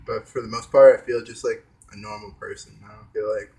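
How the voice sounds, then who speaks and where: A young man vlogs while eating, talking with his mouth full in a rambling, casual monologue. He's hesitant, trails off, and uses many fillers, his lowish voice steady, brisk, and warm.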